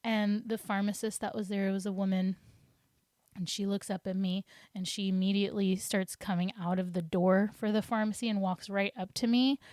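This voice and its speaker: A woman's voice: mid-range voice, a little mellow, dry recording, clean studio sound. A young adult woman telling a personal story on her podcast in a rambling, chatty way with many restarts. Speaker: podcast host.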